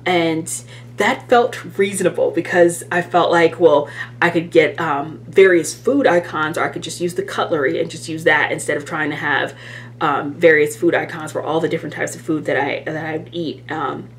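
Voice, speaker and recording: Chatty woman vlogger with a lowish voice. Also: a little hiss or hum. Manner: chatty and self-deprecating, with many fillers. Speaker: planner vlogger. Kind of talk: casual chat to camera.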